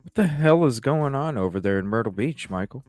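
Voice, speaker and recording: A man hosting a livestream, telling stories in a rambling, profane, animated way. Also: mid-range voice, brisk, dry recording, faint music behind. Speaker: livestream host. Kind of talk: casual livestream talk.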